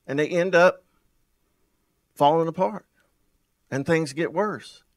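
A man preaches with fervor and a fairly high voice. He keeps firing rhetorical questions and repeating phrases. He swings from loud bursts to near-murmurs and stretches out words for weight. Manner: wide swings in loudness and pace, drawn-out emphasis. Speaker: pastor. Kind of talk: sermon.

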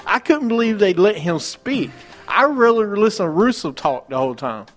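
A man's voice: high voice, sing-song, moderate pace, a bit bright, soft background music. A man co-hosting a casual wrestling talk show, rattling off match cards and ranting with mocking disbelief. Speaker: podcast co-host.

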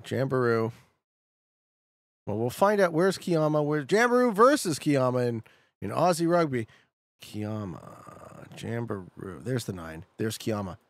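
Male streamer, chatty and excitable, gravelly voice, very lively pitch, dry close sound. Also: measured pace, no echo. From Canada. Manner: chatty, talks to chat, excitable outbursts. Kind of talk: casual live-stream commentary.

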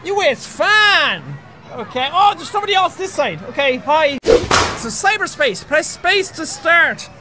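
Irish man, gaming commentary, very high voice, shouting and swearing, music and crowd noise behind. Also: big pitch swings, unhurried. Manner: loud, screaming, swearing, frequent laughing. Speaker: gaming video host. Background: music and crowd sounds.

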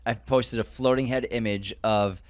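A man with a Boston accent co-hosting a podcast in casual, joking chat, laughing often and talking in quick bursts. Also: mid-range voice, fairly even intonation. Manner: jokey, laughs a lot, talks in quick bursts. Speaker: podcast co-host.

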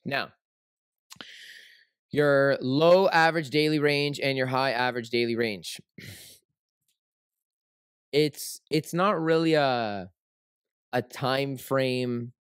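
A man's voice: medium pitch, slow, pauses often, clear, resonant tone, dry recording, studio quality. Casual male livestream trading host. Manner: casual, repeats himself, many fillers and tag questions.

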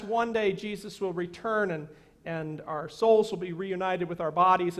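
Male pastor, high voice, unhurried sermon delivery, earnest and emphatic. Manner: earnest preaching with slow, emphatic repetitions. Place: church sanctuary.

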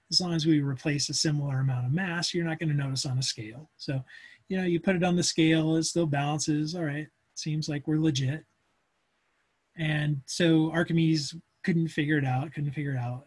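A man gives a physics lecture in a loose, conversational way, full of asides and filler words. His voice sits a little high and has a husky edge. He speaks over a video call. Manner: chatty and informal, with many fillers and asides. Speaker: physics instructor. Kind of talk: casual lecture.

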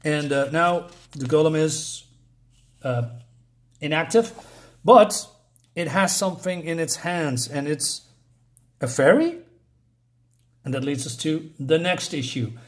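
A man's voice: a little high, slow pace, pauses often. A man casually recapping and reviewing a comic book, rambling with frequent fillers and self-corrections.

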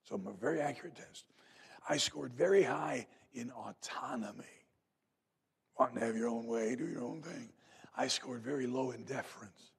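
A man preaching a revival sermon in a church, telling folksy stories and rising to loud emphatic peaks. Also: mid-range voice, normal speed, gravelly, husky. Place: church sanctuary.

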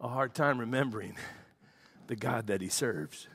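A man, a pastor, preaching a sermon and telling a story with lively acted-out quotes. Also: mid-range voice, normal speed, breathy edge. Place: church.

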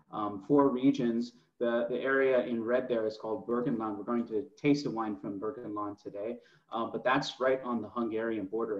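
A man's voice: medium pitch, echoey room, dull audio. A middle-aged man, a master sommelier, presenting slides over a video call, keen and full of fillers and restarts. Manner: enthusiastic, with many fillers and restarts. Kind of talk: presenting slides in a wine tasting webinar.

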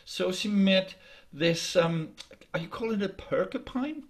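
A man telling a folk tale in a lively, halting way, over a video call. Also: high-pitched. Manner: lively, halting with restarts, laughs along. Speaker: storyteller. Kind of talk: oral folk storytelling.

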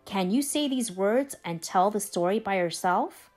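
Slow, lively woman reading a storybook. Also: medium pitch, soft background music. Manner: expressive, slow and lively read-aloud. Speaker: storybook reader. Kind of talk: reading a children's picture book aloud.

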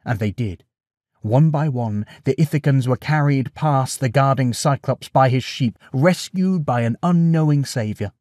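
A male storyteller reading a bedtime tale, expressive and animated. His voice sits at a middle pitch and sounds dry and close to the mic. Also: moderate pace, no room sound.

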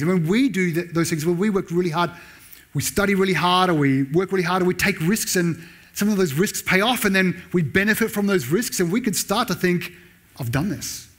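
Animated man preaching. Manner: animated preaching, pitch jumping up when voicing Paul's sarcasm. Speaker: pastor. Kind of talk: sermon. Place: church.

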